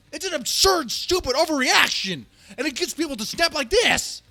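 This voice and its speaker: A man hosting a ranting commentary show, heated and emphatic, who repeats himself and restarts his sentences and sometimes rises to a shout. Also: very high-pitched, very animated, normal speed, vocal fry, no echo, faint music behind. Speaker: host of a reaction and rant channel.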